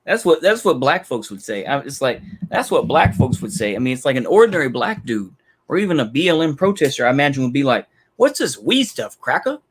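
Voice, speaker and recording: Husky male reaction host, blunt and sarcastic, lively swooping delivery. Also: mid-range voice, quick pace. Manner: blunt, profane, sarcastic asides. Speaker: reaction streamer. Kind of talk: reacting to a played video, casual commentary.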